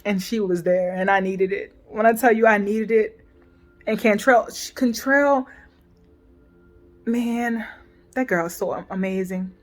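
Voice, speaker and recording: Soft background music plays as a woman in her forties, medium-pitched, discusses a painful family rift on her personal vlog. Her speech is emotional and halting, with frequent restarts and soft trailing off.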